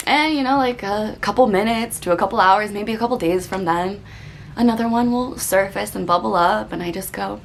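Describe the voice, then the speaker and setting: A woman's voice: medium pitch, normal speed, vocal fry, a little hiss or hum. A woman hosting a meditation channel talks candidly to the camera, earnest and reflective, with lots of "like" and "you know", and at times she is close to tears. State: getting emotional. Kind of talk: candid personal talk to camera.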